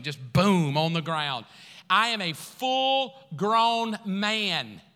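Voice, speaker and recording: A man pastor preaching a sermon, telling a story with lively acted-out quotes before turning quiet and earnest. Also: high-pitched, smooth. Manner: animated storytelling, acting out quotes, laughing, then quiet and earnest. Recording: long hall reverb.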